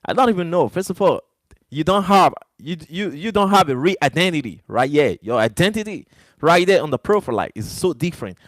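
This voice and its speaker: A man hosts a live stream in English, which is not his first language. His voice sits somewhat high, and he hammers points home by repeating words straight at his chat. The sound is dry and close, with no room echo. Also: lively intonation, a little fast. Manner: repetitive, emphatic, talks straight to chat. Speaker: livestream host.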